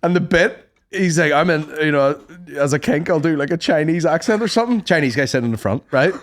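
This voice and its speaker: A Northern Irish comedian bantering on a podcast, teasing his co-host and retelling stage moments. His voice swings widely in pitch and sits a little high for a man. The delivery is loose, cheeky and conversational. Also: lively intonation, fast. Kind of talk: casual podcast chat.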